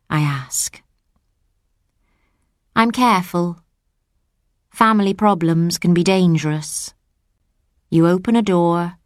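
A woman reading a first-person audiobook story in a plain, measured way. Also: fairly low pitch, dry recording, studio quality. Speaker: audiobook narrator. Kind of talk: scripted first-person narration.

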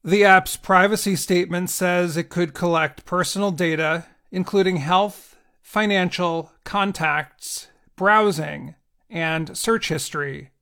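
Slow, gravelly man reading news. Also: sits high, fairly even intonation, pushed and bright. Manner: deliberate, evenly paced delivery. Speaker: news reader.

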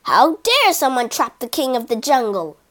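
A woman's voice: sits high, sing-song, moderate pace. A woman voicing a proud, boastful male lion who sneers and blusters in a storybook reading. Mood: gruff.

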